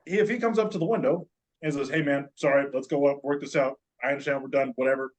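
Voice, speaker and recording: A man's voice: medium pitch, quick pace, low-quality recording. A man, a podcast guest, telling a long story in casual, joking, profane chat.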